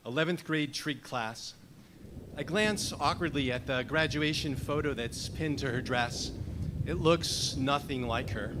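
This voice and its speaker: A man's voice: medium pitch, measured pace, background noise. A man in his fifties performing a personal story at a storytelling slam, wry and reflective. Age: 50s.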